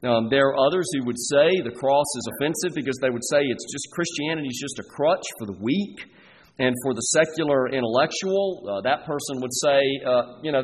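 A man preaching a sermon as pastor, earnest and deliberate, pausing between phrases. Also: mid-range voice, animated, in a large hall, a little hiss or hum.

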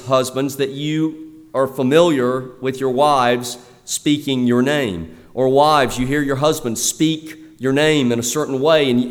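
A male pastor preaching a sermon in a conversational way, often restarting with fillers. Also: mid-range voice. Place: church. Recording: long reverb of a church hall.

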